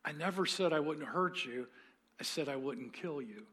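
A man voicing a mighty male angel who speaks calmly and gravely, during a sermon reading. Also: on the high side, normal speed.

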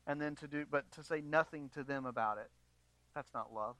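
Earnest male pastor, bright and dry. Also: on the high side, moderate pace, dry recording, low-quality recording. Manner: earnest preaching, swings between quiet and emphatic. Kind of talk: sermon.

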